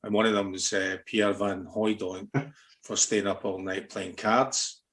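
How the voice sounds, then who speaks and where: Low-pitched Scottish podcast host, rambling and teasing in his questions. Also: level tone, a bit bright. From Scotland. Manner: halting, many fillers and restarts, teasing. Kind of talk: casual podcast interviewing.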